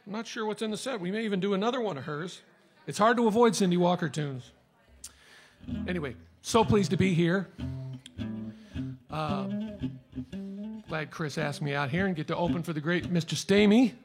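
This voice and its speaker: A man's voice: high-pitched, moderate pace, pauses often. A male musician talking to a crowd between songs in a folksy, rambling way. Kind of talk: live stage patter between songs. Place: small live music venue. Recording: live stage sound, long reverb, loud guitar. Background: guitar.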